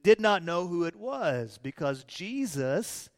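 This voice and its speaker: A male pastor preaching a sermon in a church, animated, swinging between loud emphasis and quiet low lines. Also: slow pace. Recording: long hall reverb.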